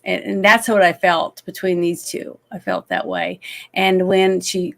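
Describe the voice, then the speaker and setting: A woman's voice: lowish voice, very animated, a little slow, gravelly. A woman talking about a movie in a casual chat, emotional and rambling, often trailing off and restarting. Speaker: guest.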